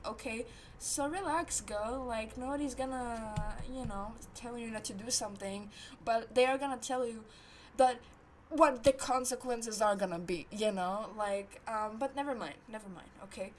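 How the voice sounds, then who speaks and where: Woman, around 20, high-pitched, vlogger spilling gossip, animated and sweary, with faint background noise. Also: normal speed, poor audio. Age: about 20. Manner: animated ranting, heavy swearing. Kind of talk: casual storytime chat.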